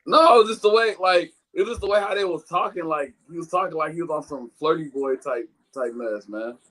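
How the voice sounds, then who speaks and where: A man's voice: on the high side, fairly quick, fairly bright tone, poor audio. Laid-back slangy man. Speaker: guest. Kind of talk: casual group chat.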